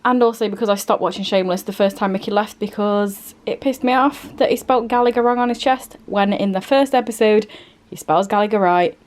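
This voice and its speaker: A woman's voice: medium pitch, a little fast, darkish tone. A young woman chatting casually at home for her vlog, with dry, self-mocking humour. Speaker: vlogger. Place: at home, indoors.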